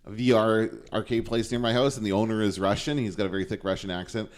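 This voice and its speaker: A man from Canada co-hosting a casual podcast, chatty and quick to laugh. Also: lowish voice, fairly even intonation. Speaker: podcast co-host.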